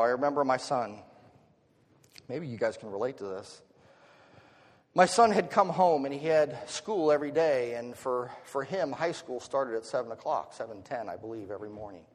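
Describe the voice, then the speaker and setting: A middle-aged man preaching a sermon as pastor, dropping to a hush and then rising loud in an expressive delivery. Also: a little high. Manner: expressive, swinging from hushed to loud. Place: church sanctuary. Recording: long reverb of a hall.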